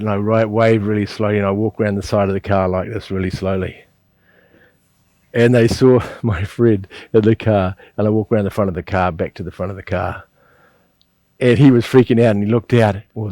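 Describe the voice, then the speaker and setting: A middle-aged man leads a qigong class in a lowish voice. He rambles through stories, chuckles often and restarts his sentences. The sound is dry and close, with no room echo. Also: warm tone. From New Zealand. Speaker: qigong teacher. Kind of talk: instructional class with personal storytelling.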